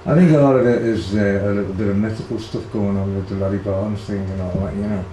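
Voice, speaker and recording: A man's voice: lowish voice, steady tone, fast. An older man with a Liverpool accent, casually reminiscing about his brother in an interview, rambling with many fillers and restarts. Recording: echoey room, faint background hiss.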